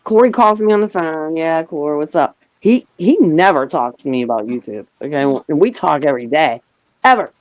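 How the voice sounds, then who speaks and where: A middle-aged woman hosts a casual panel chat, talking a little fast as she tells a story packed with swearing. She's animated and acts out what others said in a higher voice. The recording is muffled, with no room sound.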